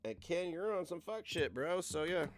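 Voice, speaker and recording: Male streamer, lively swinging pitch, profane ranting reaction chatter. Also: normal speed, noisy background. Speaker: livestreamer.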